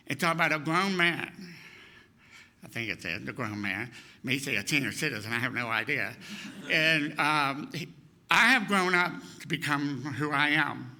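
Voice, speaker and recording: A man in his sixties preaching a sermon as a humorous personal story, acting out the people he quotes. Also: a little high. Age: 60s. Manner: lively storyteller who acts out the people he quotes. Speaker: guest speaker.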